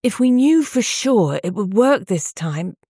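A woman's voice: medium pitch, big pitch swings, a little slow, dark tone, breathy edge, no room sound, studio quality, voice pushed up, heavily acted. Woman reading a tired, dull-voiced husband. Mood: tired pleading. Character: weary, gentle husband worn down by IVF. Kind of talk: audiobook character voice.

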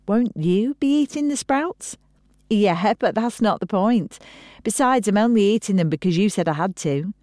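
A woman reading an audiobook voices a cheeky seventeen-year-old girl, teasing and quick-witted. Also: mid-range voice, animated, darkish tone, no echo, clean studio sound, pitched above the performer's own voice, lightly acted.

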